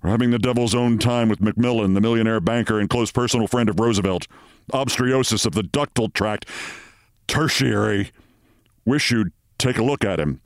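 Guy voicing a worn-out anxious doctor, low voice, dry. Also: moderate pace, dry recording, natural voice. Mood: weary. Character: haggard anxious male doctor.

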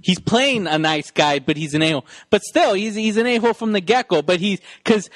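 A man hosting a podcast in casual chat, excitable and rambling, quick to act out movie lines, recorded at a radio station studio. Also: high voice, dry recording. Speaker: podcast host.

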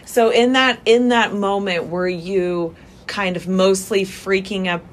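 A woman hosting a podcast interview, empathetic and quick to relate her own experiences to her guest's. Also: medium pitch, steady tone. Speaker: podcast host. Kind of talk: conversational interview.

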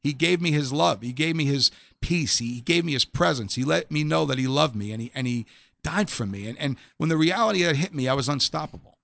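Earnest gravelly middle-aged man. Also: a little high, lively intonation, a little fast, fairly bright tone. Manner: earnest and emphatic, often repeats the first word of a phrase. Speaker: guest sharing a faith testimony. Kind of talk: personal testimony in a conversational interview.

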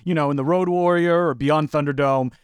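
A man co-hosting a podcast, chatting casually about films with wry, animated asides. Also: fairly high pitch, fairly quick, smooth, no room sound. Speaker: podcast co-host. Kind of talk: casual film discussion.

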